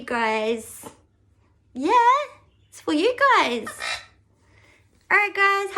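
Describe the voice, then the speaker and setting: A woman talking to her pet parrots in sing-song baby talk. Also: very high-pitched. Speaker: pet owner vlogger. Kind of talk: casual chat to a pet bird. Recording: loud background noise with bird squawks. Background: parrots chattering.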